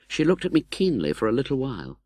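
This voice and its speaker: A man reading an audiobook in scripted narration, expressive and dramatic, voicing the young hero's pleas. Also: medium pitch, fast, no room sound, studio quality.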